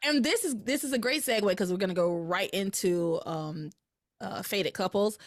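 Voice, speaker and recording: A woman hosting a podcast, chatting casually as she recaps a soap opera episode and jumps up in pitch when something excites her. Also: normal speed, dry recording, clean studio sound. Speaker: podcast host.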